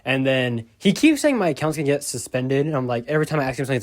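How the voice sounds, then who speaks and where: A man's voice: mid-range voice, animated, racing. A man telling a storytime to his viewers in a casual, rambling way, getting exasperated and swearing as he rants. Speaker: YouTuber.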